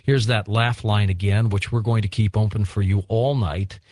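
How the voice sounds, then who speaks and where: A man hosting a late-night call-in radio show, talking in a relaxed, conversational way. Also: on the low side, moderate pace, dry recording. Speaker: radio talk show host.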